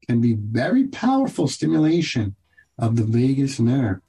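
A man hosting a radio health show as a doctor, giving advice in an earnest, repetitive coaching tone with quick bursts. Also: medium pitch, very animated, warm tone, husky.

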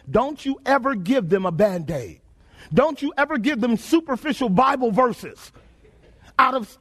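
A man preaching a sermon, asking rhetorical questions, repeating phrases and swinging between shouts and low murmurs.

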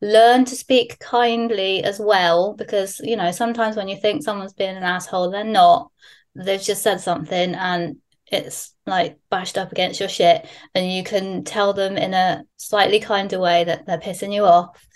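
A woman's voice: mid-range voice, normal speed. Candid, swearing woman telling stories. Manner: candid, swears freely, animated storyteller. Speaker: guest. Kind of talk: casual podcast chat.

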